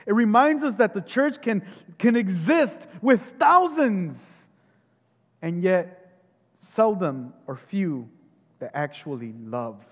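A male pastor preaching at an unhurried pace, with a high voice and a long reverberant tail from the church hall. He leans on rhetorical questions and repeated phrases to press each point home. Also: animated. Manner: rhetorical questions, emphatic repetition, frequent restarts. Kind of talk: sermon.

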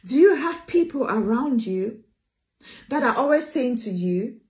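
A woman's voice: a little high, lively intonation, a little slow. A woman preacher, preaching an emphatic sermon, repeating phrases and calling listeners sweetheart.

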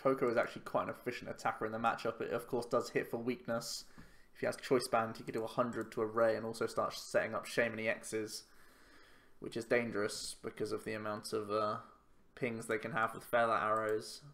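A man's voice: fairly low pitch, flat delivery, brisk, fairly bright tone. A man giving casual commentary while playing a card game, thinking aloud in a chatty, self-mocking way. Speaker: YouTube card game player.

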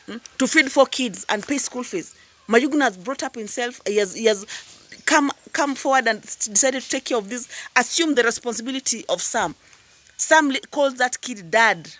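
A woman giving impassioned commentary as a YouTube reactor, firing rhetorical questions and prodding with "hmm?" and "huh?". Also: on the high side. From Tanzania. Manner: repeats words when worked up, then drops into calmer asides.

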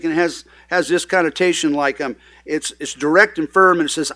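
A man's voice: on the high side, a bit bright. A male pastor reading scripture and preaching a conversational sermon with fillers and restarts. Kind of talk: sermon, Bible reading with commentary. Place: church sanctuary.

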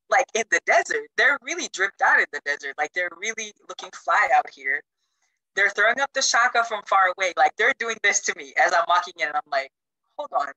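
In a rough recording with no echo, a Chuukese woman from Micronesia casually recounts a trip over a video call. She's animated, acts out quotes with large jumps in her voice, and says "like" a lot.

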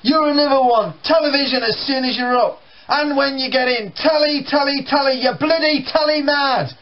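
A man's voice: extremely high pitch, fairly even intonation, slow, dull audio, pitched above the performer's own voice, full character voice. A man voicing a grumpy, breathless father who scolds his sons in exasperated bursts. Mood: grumbling. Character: grumpy breathless middle-aged father, always moaning. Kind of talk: storytelling to a live audience.

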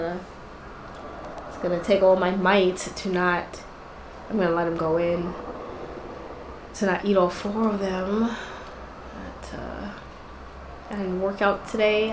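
A woman's voice: medium pitch, fairly even intonation, measured pace, pauses often, echoey room, background noise. A woman hosting a gaming channel, chatting casually and exclaiming in frustration as she plays. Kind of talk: casual gameplay commentary.

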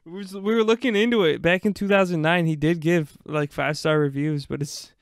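Animated young man, clear dry voice. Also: fairly high pitch, a little fast, dry recording. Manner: animated, swears and laughs a lot. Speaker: podcast co-host. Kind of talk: casual chat.

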